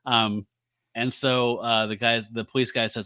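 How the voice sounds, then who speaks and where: Male podcast co-host, bright voice, dry close sound, casual chatty recap. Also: medium pitch, moderate pace, no echo. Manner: relaxed, recaps and acts out quotes with laughs. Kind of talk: casual comic book discussion.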